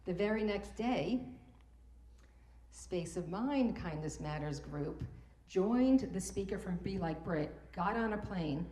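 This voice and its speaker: Middle-aged woman, mellow, earnest storyteller, emotional, echoey room. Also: fairly low pitch, expressive, slow. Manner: heartfelt, emotional, repeats words when moved. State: tearful at times. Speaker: speaker at a morning talk event. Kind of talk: personal storytelling talk. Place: event room.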